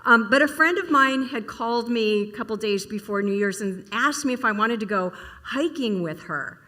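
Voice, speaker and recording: A woman's voice: a little high, animated, normal speed, pushed and bright. A middle-aged woman minister giving a casual, storytelling sermon and asking her congregation questions in a church service. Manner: chatty, storytelling, asks the audience questions.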